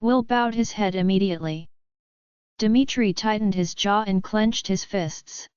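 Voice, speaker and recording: Woman narrating with a very clear voice. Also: medium pitch, a little slow, a little mellow, no echo, lo-fi sound. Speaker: audiobook narrator. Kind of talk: scripted first-person narration.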